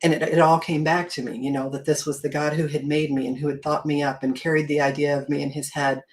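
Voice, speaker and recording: A woman's voice: deep voice, little pitch movement, fast. A woman hosting a casual faith talk, telling her story in an earnest, reflective way. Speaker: host.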